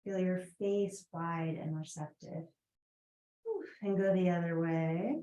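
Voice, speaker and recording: A woman's voice: lowish voice, steady tone, slow pace, dark tone, echoey room, dull audio. A woman with a Boston accent teaching a guided yoga class, chatty, with rambling asides and fillers.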